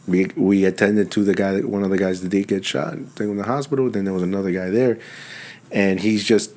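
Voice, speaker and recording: A man's voice: lowish voice, brisk. A man, a firefighter guest, telling stories in casual chat and acting out voices of the people in them. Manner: animated, acts out voices in his stories.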